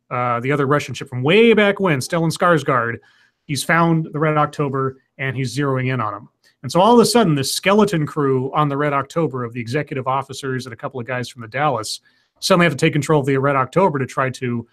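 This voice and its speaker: A man's voice: medium pitch, a bit bright. A man casually retelling a film plot as a podcast co-host, rambling with fillers and restarts. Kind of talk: casual movie recap chat.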